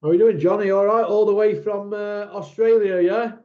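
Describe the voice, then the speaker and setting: A man's voice: high-pitched, fairly even intonation, moderate pace, phone-quality sound. A man hosting a casual online boxing chat show, talking in a blunt, outspoken, rambling way. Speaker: boxing channel host.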